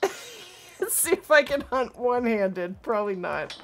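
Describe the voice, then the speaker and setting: A woman's voice: on the high side, big pitch swings, a little slow, fairly bright tone, slight background noise. A woman chatting casually with her viewers while streaming a game from home, talking to her cat and laughing easily. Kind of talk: casual live-stream chat over gameplay.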